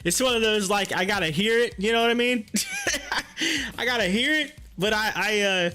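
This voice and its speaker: Giggly high-voiced man chatting live. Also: normal speed, bright, forceful tone, faint music behind. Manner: chatty, laughs often, rambling restarts. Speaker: live-stream host. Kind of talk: casual live-stream chat. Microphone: headphones on.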